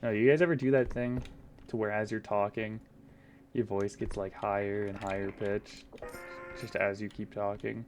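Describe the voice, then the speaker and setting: A man rambling through solo gameplay commentary, goofy and self-mocking, now and then slipping into silly high voices. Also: steady tone, normal speed, soft background music. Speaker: gaming YouTuber.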